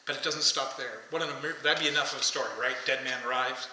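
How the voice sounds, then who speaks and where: A man preaching a sermon as pastor, impassioned, rising to loud calls as he tells the story. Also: mid-range voice, steady tone, fast talker, far from the mic, background noise. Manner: impassioned, shouting the calls to come out. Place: church sanctuary. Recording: echoey church hall.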